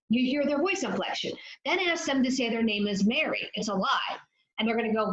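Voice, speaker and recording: A woman's voice: high voice, expressive, brisk. A woman guest on a podcast, explaining addiction with confidence. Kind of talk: podcast interview. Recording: echoey room, dull lo-fi sound.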